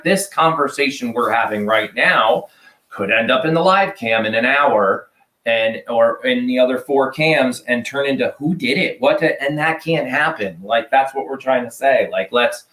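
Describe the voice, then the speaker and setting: A man's voice: medium pitch, bright, forceful tone, reverberant. A man co-hosting a farm livestream, speaking bluntly to viewers. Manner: frustrated, blunt. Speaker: farm channel co-host.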